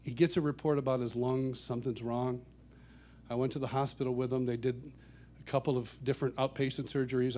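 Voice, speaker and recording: A man telling a personal story to an audience, animated, often laughing and repeating words as he goes. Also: slight background noise. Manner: animated, laughs often, gets louder and higher as the story builds. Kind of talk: storytelling talk.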